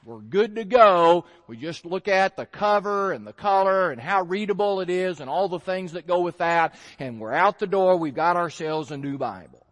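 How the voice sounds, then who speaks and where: A man preaching a sermon in a conversational way, asking rhetorical questions and acting out his listeners' reactions. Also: high voice. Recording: long hall reverb.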